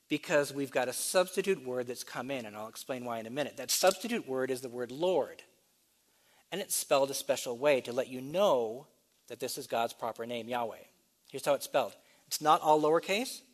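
Pastor type, man, mid-pitched, steady teaching delivery that spells things out and asks then answers. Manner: explanatory, spells out letters, asks and answers questions. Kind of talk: sermon teaching.

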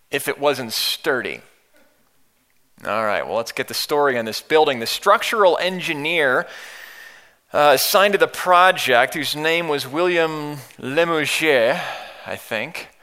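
A man preaching a sermon to a congregation in a conversational way, his voice still deep from the morning. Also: pushed and bright. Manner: conversational preaching, occasional restarts. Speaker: pastor.

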